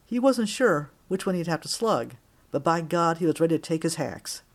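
A man's voice: a little high, normal speed. Man narrating a wry audiobook. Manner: wry, expressive storytelling.

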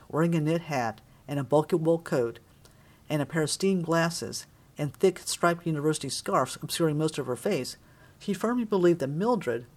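A woman reading a novel aloud in measured, wry scripted narration. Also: low-pitched. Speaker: audiobook narrator.

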